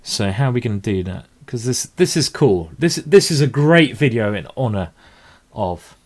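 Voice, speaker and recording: A man's voice: mid-range voice, big pitch swings, normal speed. A man commentating live blitz chess games, rambling and emotional with tipsy asides. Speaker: chess streamer.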